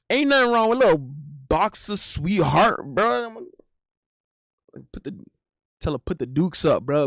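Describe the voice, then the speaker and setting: Animated streamer man doing goofy sound effects. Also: sits high, unhurried, pauses often, no echo, clean studio sound. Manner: playful, animated, makes silly sound effects. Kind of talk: casual stream banter.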